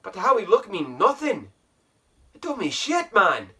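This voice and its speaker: A man talks in a put-on Irish brogue, rambling and poking fun at himself as he thinks out loud. His voice is fairly high, bright and sharp, and it swoops up and down a lot. He sounds a little far from the mic. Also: huge pitch swings, unhurried. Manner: rambling, self-mocking, musing aloud. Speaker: vlogger. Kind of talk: casual reflective monologue. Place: sitting in an ice bath at home.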